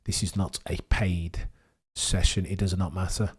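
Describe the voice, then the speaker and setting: Man, low-ish voice, livestream race commentary, verbose and animated. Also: measured pace, slightly rough. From Britain. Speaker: F1 livestream host. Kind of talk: live watchalong commentary and chat reading.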